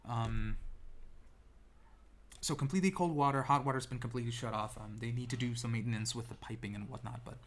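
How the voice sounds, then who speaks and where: A man's voice: medium pitch, fairly quick. Rambling self-deprecating young man. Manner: rambling, self-deprecating, frequent restarts and ums. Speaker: vlogger. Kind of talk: casual storytelling monologue. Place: indoors, seated in a chair.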